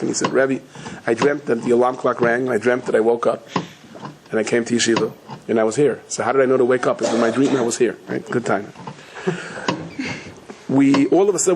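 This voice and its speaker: A man giving a storytelling sermon as a rabbi, speaking. He acts out the quoted voices in his stories with lively pitch jumps and often restarts and corrects himself mid-sentence. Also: background noise. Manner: frequent restarts and self-corrections. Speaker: rabbi giving a Torah talk.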